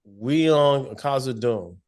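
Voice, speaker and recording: A man's voice: medium pitch, lively intonation, takes it slowly, darkish tone. Laid-back man recapping a show. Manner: laid-back, laughs often, slangy. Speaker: podcast co-host. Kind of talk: casual recap chat. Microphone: video call.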